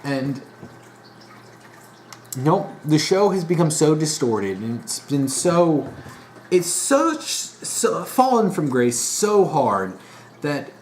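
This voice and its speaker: Casual monologue, frequent restarts, fed-up tone, middle pitch, faint noise. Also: very animated, slow. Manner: rambling, frequent restarts and fillers; exasperated, disappointed. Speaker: vlogger.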